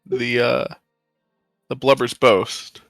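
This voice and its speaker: A man narrating a tabletop game with a bright, forceful tone, close to the mic in a dry room with faint music behind him. He jokes and laughs easily while running the scene. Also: medium pitch, level tone, slow pace, vocal fry, no echo. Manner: laid-back, laughing, joking narration. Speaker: game master.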